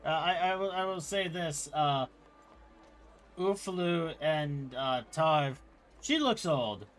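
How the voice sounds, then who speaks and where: A man running a tabletop role-playing game, joking about his own voice work. His voice is bright and his pace unhurried. Faint music sits behind him. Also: fairly high pitch. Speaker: game master.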